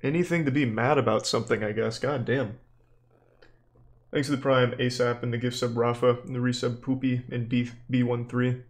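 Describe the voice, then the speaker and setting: A young man streaming live, chatting casually with viewers in a deadpan, exasperated way, swearing freely. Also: medium pitch, moderate pace. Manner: deadpan, profane, exasperated rants at chat.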